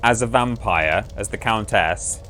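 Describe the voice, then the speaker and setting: A man's voice: on the low side, a little slow, sharp tone, a little hiss or hum. Chatty man streaming a game. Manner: chatty, amused, rambling, self-correcting. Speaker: livestream host playing a game. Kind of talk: casual gameplay commentary. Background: faint game music.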